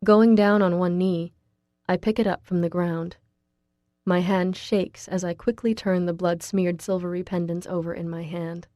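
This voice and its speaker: A woman narrating a first-person audiobook in a quiet, measured way. Her voice is low and mellow, with a dark, soft tone. The recording is close and completely dry. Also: level tone, no room sound.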